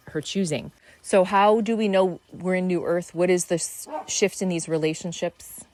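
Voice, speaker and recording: A woman's voice: low voice, dry recording. A middle-aged woman hosting a podcast, musing in a meandering spiritual monologue full of fillers and restarts. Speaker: podcast host.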